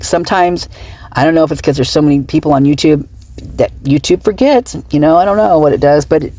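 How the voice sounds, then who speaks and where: A woman's voice: sits low, dark tone, dry recording. A woman true crime vlogger talking off the cuff in a chatty, rambling way with giggly asides. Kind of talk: unscripted casual vlog chat.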